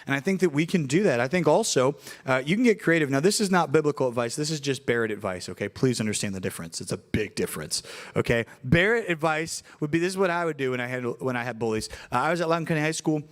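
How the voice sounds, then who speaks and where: A young man, preaching to middle schoolers in an animated storytelling way. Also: a little high, quick pace. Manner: animated storytelling, acts out voices in anecdotes. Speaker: youth pastor.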